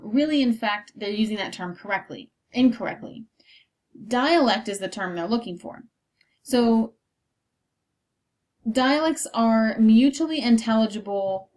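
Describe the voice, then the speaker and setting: Woman lecturing, steady with frequent ums. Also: medium pitch. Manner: explanatory, with frequent ums and okays. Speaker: college instructor. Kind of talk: recorded lecture.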